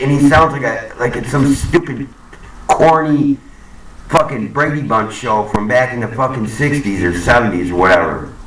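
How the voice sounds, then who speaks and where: A man's voice: medium pitch, roomy sound, far from the mic, low-quality recording. A man ranting angrily to camera, swearing and repeating himself, in a profane monologue. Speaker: vlogger. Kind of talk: profane conspiracy rant to camera.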